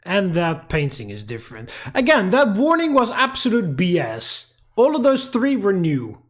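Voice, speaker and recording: A man's voice: high voice, wildly swooping pitch, moderate pace. A man giving profane, angry let's-play commentary while ranting at a game. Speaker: gaming YouTuber.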